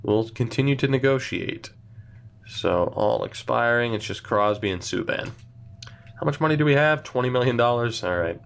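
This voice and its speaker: A man's voice: medium pitch, lively intonation, normal speed, creaky. A young man giving casual, blunt and sarcastic commentary while thinking aloud through a hockey management game. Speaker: gaming channel host.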